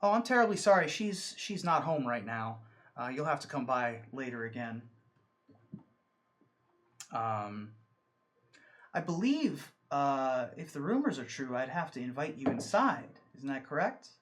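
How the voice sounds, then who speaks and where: A man's voice: mid-range voice, very animated, unhurried, pauses often, slight background noise. A man voicing a worried protective man. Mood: politely stalling. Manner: hushed, pleading, then politely stalling. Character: worried protective middle-aged man, urgent. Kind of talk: tabletop role-play voicing.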